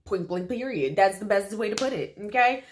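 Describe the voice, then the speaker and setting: A woman tells a personal story in a relaxed, chatty way. Her delivery is emphatic and full of slang, and she often turns to her listeners with quick "okay?" asides. Her voice sits at an ordinary middle pitch for a woman. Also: a little hiss or hum. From Philadelphia, USA. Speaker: storytime vlogger. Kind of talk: casual storytelling to camera.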